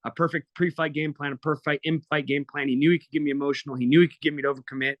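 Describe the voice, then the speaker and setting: Racing along in a slightly high, steady voice, this thirties-aged fighter swears freely while telling emotional stories bluntly in a candid podcast interview. The lo-fi recording has no echo.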